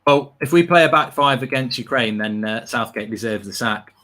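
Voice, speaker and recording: An English man co-hosting a live football watchalong, chatting casually with animated, sweary banter and loud outbursts. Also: mid-range voice, normal speed. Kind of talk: casual live match chat.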